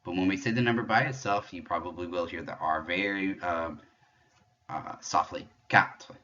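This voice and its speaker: A man giving a patient pronunciation lesson, explaining French sounds step by step and demonstrating them slowly. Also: low-pitched, a bit bright, highs cut off. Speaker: French teacher.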